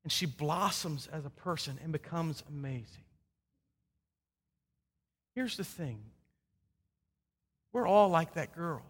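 A man preaching a sermon as pastor, earnest, swinging from emphatic peaks down to soft low endings. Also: lively intonation, slow pace, long pauses, husky. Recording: long hall reverb.

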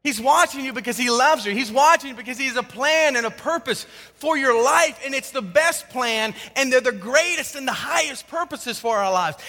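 A male pastor preaching a sermon, swinging between loud emphasis and hushed tones. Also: very high voice. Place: church sanctuary with a congregation. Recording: long hall reverb.

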